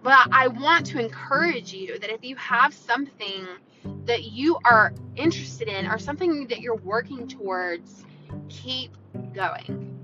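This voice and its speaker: A woman's voice: fairly high pitch, animated, a little slow. A woman hosting a podcast, talking in an earnest, encouraging way and often asking "right?" and "you know". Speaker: podcast host. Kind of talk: motivational podcast monologue. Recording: dull lo-fi sound with music behind.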